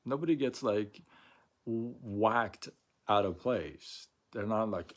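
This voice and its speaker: Slow, chatty low-voiced man. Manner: chatty, repetitive, asks "right?" often, acts out mock quotes. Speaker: vlogger. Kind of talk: casual live-stream talk to viewers.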